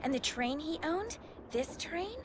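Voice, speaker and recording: A hushed ghost-story teller. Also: female voice, high-pitched, expressive, unhurried, background noise. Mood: ominous. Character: woman telling a spooky local legend. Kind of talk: video game character acting.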